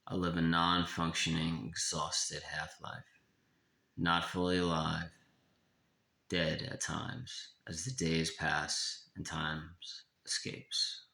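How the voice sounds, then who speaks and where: A man reading his own personal memoir aloud in a somber, confessional way, slowing down in places, in an echoey room. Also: low-pitched, flat delivery, creaky, sharp tone.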